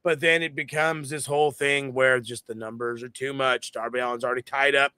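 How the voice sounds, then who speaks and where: A man's voice: medium pitch, fairly even intonation, a little fast, pushed and bright, clean tone, no echo. A man co-hosting a casual wrestling review podcast, telling the story animatedly with lots of swearing and mocking quoted voices. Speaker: podcast co-host.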